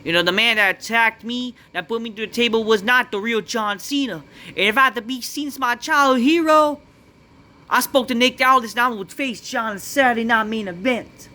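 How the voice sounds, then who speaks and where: A man's voice: very high voice, fairly quick, sharp tone, voice pushed up, full character voice. A man parodying an upbeat male wrestler cutting a promo, in a raised voice. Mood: mocking.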